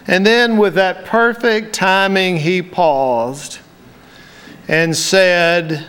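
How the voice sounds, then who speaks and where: A man preaching a sermon, telling a personal story and then reading scripture in a slow, measured way. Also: high voice, steady tone, fairly bright tone, clean tone.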